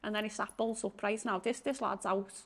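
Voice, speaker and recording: A woman tells a story in a relaxed interview. She talks in a lively, animated way, slipping into the voices of the people in the story. Her voice sits at an ordinary middle pitch for a woman. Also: brisk. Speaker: podcast guest, spiritual practitioner.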